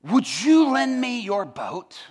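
A man voicing a calm, friendly teacher who asks a favor in an easygoing way during a sermon. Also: extremely high pitch, takes it slowly, voice pushed up, exaggerated voice. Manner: casual, easygoing.

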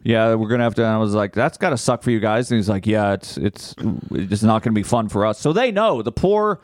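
A man's voice: fairly low pitch, expressive, a little fast, no room sound. Profane ranting man, dry close sound. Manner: profane ranting storyteller, shouts in anger. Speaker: podcast co-host. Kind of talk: casual chat.

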